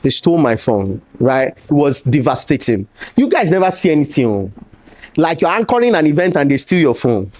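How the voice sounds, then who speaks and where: Male speaker, animated stage storyteller, slightly high voice, pidgin asides. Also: moderate pace. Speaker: conference speaker. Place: event stage before an audience.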